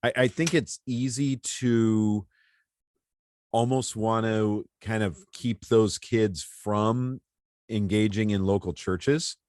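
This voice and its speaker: A man with a fairly low voice hosts a church conversation. He often restarts and repeats words as he gathers his thoughts. The sound is dry and close. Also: steady tone, a little mellow, no echo. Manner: halting, repeats words as he starts sentences. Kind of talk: conversational interview.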